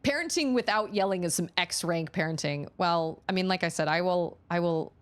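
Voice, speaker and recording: A woman streamer chatting casually with her viewers, a lively storyteller who acts out the lines she quotes. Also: on the low side, moderate pace.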